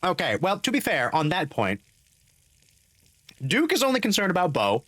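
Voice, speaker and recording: A man's voice: high-pitched, huge pitch swings, moderate pace, a bit bright. A young man streaming a game, rambling animatedly and laughing often between reading parts aloud. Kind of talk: game playthrough commentary.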